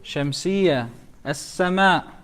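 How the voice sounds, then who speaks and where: Imam, male, leads a tajweed class; fairly high voice, unhurried, calls out letters and questions students. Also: a bit bright. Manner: quizzes students letter by letter, drawn-out recitation of words. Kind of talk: classroom teaching.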